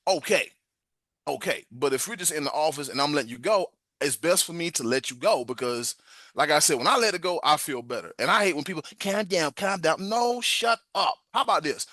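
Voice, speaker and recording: A man's voice: a little high, quick pace, dry recording, clean studio sound. A man hosting a podcast. He reads a self-help text aloud with some stumbles, then talks casually and emphatically. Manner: stumbles over the reading, then animated and emphatic. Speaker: podcast host.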